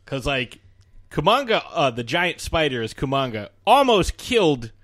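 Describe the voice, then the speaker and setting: A man co-hosting a casual podcast, voice pitched a bit high. He is animated and profane, and laughter breaks into his talk often. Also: normal speed. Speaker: podcast co-host. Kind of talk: casual chat.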